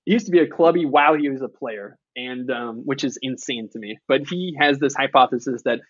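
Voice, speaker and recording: A man's voice: medium pitch, fairly quick, breathy edge, dry recording, lo-fi sound. A man in his thirties, an author and podcast guest, telling candid stories in a casual conversation, with frequent profanity and quoted dialogue.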